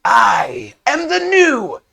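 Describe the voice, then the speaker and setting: A man's voice: very high-pitched, wildly swooping pitch, very slow, gravelly, pushed and bright, voice pushed up, full character voice. A man doing a boastful kobold chieftain. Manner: boastful, theatrical. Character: scarred kobold leader, boastful.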